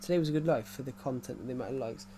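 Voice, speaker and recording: A man's voice: mid-range voice, racing, dark tone, a little hiss or hum. A young man with an English working-class accent from a former mining area, chatting casually on a livestream, rambling, restarting sentences and answering chat. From England.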